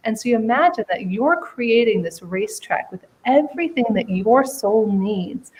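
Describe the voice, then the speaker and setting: A woman's voice: on the high side, animated, moderate pace, a little mellow, poor audio. A woman who is a radio show guest, telling a story with theatrical expression.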